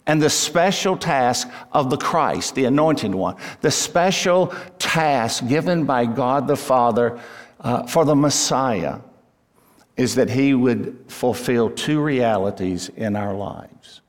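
Slow emphatic male preacher in a hall. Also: mid-range voice, animated. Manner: deliberate, emphatic preaching with rising peaks on key words. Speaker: pastor. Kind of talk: sermon.

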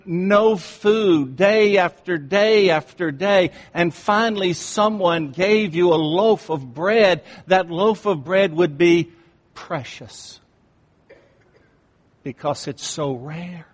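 A man preaching a sermon as pastor, slow and deliberate, dropping his voice low for emphasis. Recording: long reverb in a large room.

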